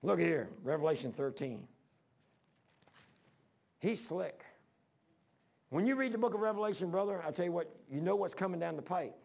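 Gravelly, folksy male preacher. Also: on the high side, lively intonation, moderate pace, long pauses, darkish tone. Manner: folksy, rambling, talks straight to the congregation. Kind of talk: sermon.

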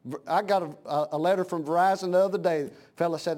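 A male preacher with a high voice delivers a sermon in a fervent, folksy way. His plain talk builds into loud, impassioned cries, then drops back to a conversational tone. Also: fairly quick, few pauses.

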